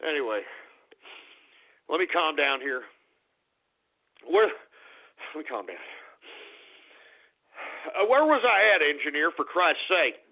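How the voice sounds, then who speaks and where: A man hosting a talk radio show, ranting and swearing, swinging from mutters to shouted outbursts. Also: fairly high pitch, big pitch swings, slow pace, long pauses. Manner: ranting, profane, bursts into shouting. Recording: tinny phone-like radio audio.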